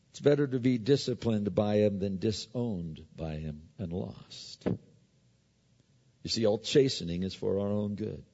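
A middle-aged man preaching a sermon in a conversational style, with stories and frequent restarts. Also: fairly high pitch. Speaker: pastor. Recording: dull recording with long hall reverb.

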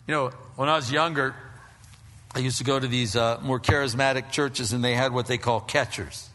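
Male pastor, conversational sermon delivery, bright forceful tone, long hall reverb. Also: mid-range voice, fairly quick. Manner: animated and conversational, with frequent restarts.

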